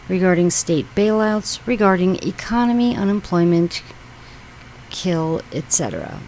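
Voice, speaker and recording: Her lowish, darkish voice comes through a rough recording with a bit of hiss or hum as this New York channel host reads internet posts out loud. She comments in a meandering, chatty style full of fillers and side remarks.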